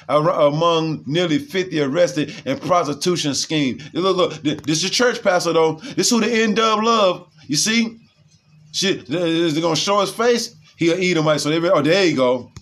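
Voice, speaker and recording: A man with a high-pitched voice reads headlines aloud at a slow, deliberate pace, then breaks into loose, rambling commentary. He keeps circling back with repeated tags and questions to his listeners, in a casual, conversational delivery. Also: a bit bright. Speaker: news commentator.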